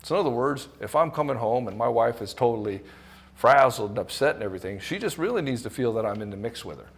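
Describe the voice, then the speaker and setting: A middle-aged man talks straight to the camera as a relationship coach, in a voice of ordinary pitch. He is blunt and casual, swears freely, and slips into the voices of the people he quotes to make his points. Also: lively intonation, fast, gravelly. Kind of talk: direct-to-camera coaching talk.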